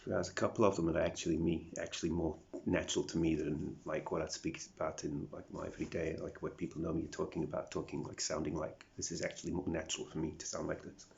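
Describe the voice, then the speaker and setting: A man's voice: a bass voice, level tone, fast, creaky, hardly any pauses, darkish tone. A man from South Africa with a picked-up British accent, rambling and mumbling in a confessional video diary, dropping into whispers and swearing often. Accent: British, picked up over a South African upbringing. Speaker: vlogger. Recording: dull lo-fi recording.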